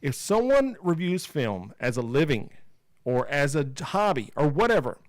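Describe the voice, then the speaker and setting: A man's voice: fairly high pitch, big pitch swings, normal speed, no room sound. A man co-hosting a casual podcast chat, talking emphatically and repeating himself as he rants. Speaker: podcast co-host.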